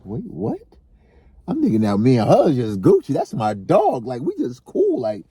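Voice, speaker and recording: A man co-hosting a casual podcast conversation, telling stories in an animated way and leaping into high, excited exclaims. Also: moderate pace, husky, no echo. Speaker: podcast co-host.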